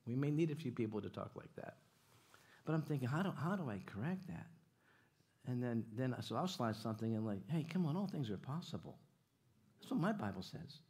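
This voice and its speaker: A man preaching in a church at a middle pitch, trading jokes and stories with his congregation. He talks in an animated way, often doubling his phrases and throwing questions out to the room. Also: a little fast, slightly rough. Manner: animated, jokey, repeats himself, audience call-outs. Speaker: guest preacher. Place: church sanctuary.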